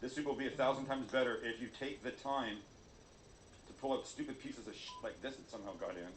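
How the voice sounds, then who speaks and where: A man's voice: mid-range voice, quick pace, echoey room, slight background noise. A man hosting a cooking video, chatty and jokey, poking fun at himself as he cooks. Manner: jokey, self-mocking, chatty. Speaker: cooking show host.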